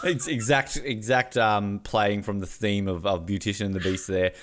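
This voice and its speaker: A man's voice: fairly low pitch, fairly even intonation, moderate pace, a little hiss or hum. A man co-hosting a podcast in casual chat, rambling and joking with crude asides. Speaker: podcast co-host.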